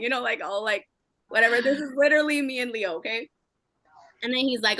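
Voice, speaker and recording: A young woman with a bright, somewhat high voice talks in a candid, emotional way. She rushes along in a chatty, heartfelt manner while sharing motivational advice with her team. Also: no echo.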